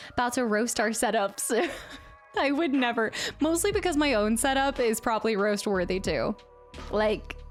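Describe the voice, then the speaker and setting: A woman streamer chatting casually with her viewers, reading their messages aloud and laughing often. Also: on the high side. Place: home streaming setup.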